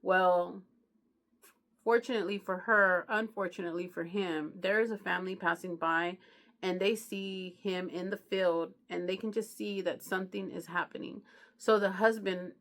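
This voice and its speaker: A woman with a low, gravelly voice retells a true crime book in relaxed, slangy chat. She keeps checking in with the listener and talks as if to a friend. Her delivery is loose and conversational. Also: moderate pace. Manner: slangy, chatty, keeps asking "you know what I mean". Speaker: book reviewer. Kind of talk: casual true crime storytelling.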